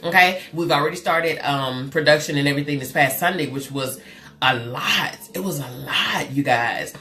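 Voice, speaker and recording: A live show host who is also a therapist chats with viewers on her webcam stream at normal speed. Her slightly low voice swings loudly and expressively up and down in pitch. Lively and talkative, she calls people girl and honey.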